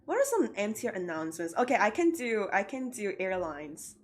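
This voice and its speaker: A woman's voice: medium pitch, big pitch swings, fairly quick, few pauses. A young woman, chatting casually with viewers on her art livestream and laughing often. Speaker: art streamer.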